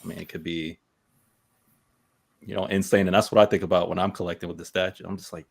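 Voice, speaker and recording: A man's voice: deep voice, quick pace, gravelly, long pauses. A man co-hosting a casual podcast chat about collecting statues, telling stories animatedly and acting out what his friends said. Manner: animated storyteller, acts out quoted friends. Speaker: podcast co-host.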